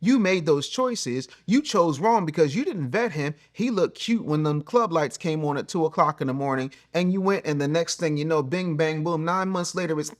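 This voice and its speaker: A middle-aged man hosting a solo advice show, blunt and preachy, swinging between loud jabs and low, quiet asides. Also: expressive, moderate pace, hardly any pauses. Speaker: host and relationship coach. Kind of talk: solo advice monologue to camera.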